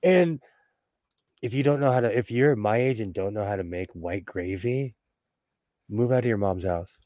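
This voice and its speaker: A man's voice: on the low side, normal speed, warm tone, no echo, studio quality. An American man co-hosting a livestream in casual chat, laughing often and riffing on viewer comments. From United States. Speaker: livestream co-host.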